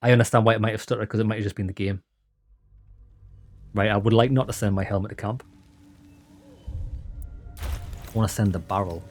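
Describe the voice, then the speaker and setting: A man giving excited, chatty commentary on a game he is playing, talking to viewers as lads. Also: on the low side, fairly quick, long pauses, soft background music. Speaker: let's play host. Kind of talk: casual gameplay commentary.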